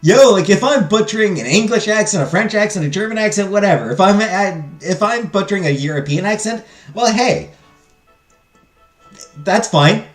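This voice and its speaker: Guy streaming a story game, really lively up-and-down voice, roomy echo, faint music behind. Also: high voice, normal speed. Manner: animated, rambling, self-deprecating. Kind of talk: casual game commentary and narration.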